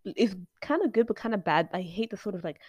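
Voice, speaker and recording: A woman's voice: medium pitch, animated, fast, a little mellow, slightly rough, no room sound. A woman co-hosting a casual movie-review podcast, telling the story chattily and jumping in to correct details. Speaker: podcast co-host.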